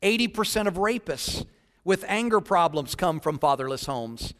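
A man's voice: sits high, a bit bright, long reverb tail. A man preaching a sermon, joking with the congregation, then laying out statistics earnestly. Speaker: pastor.

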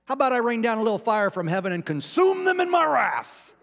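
A pastor voicing an imagined, mock-sympathetic God in an exaggerated, theatrical way. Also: male voice, big pitch swings, a little fast, vocal fry, in a large hall, full character voice. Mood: mock-pitying. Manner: exaggerated, high and loud.

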